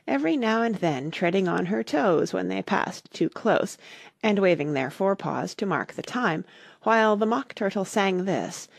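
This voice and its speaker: A woman reading a classic storybook aloud in an expressive narration. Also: fairly low pitch, creaky, no room sound, studio quality. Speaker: audiobook narrator.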